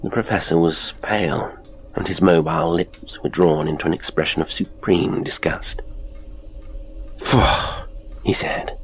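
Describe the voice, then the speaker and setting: A man reading a classic horror story as narrator, in a slow, measured, ominous storytelling manner. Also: deep voice, steady tone, a little hiss or hum.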